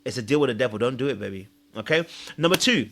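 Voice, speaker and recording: Animated man giving dating advice. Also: medium pitch, quick pace, vocal fry. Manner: emphatic, confessional, acts out own thoughts. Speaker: podcast host and dating coach.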